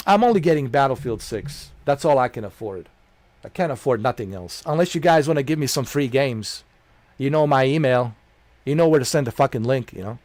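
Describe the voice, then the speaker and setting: A man's voice: medium pitch, animated, a little fast, darkish tone, dry recording. A middle-aged man streaming games, ranting bluntly and profanely in a preachy tone. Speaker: gaming streamer. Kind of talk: livestream rant.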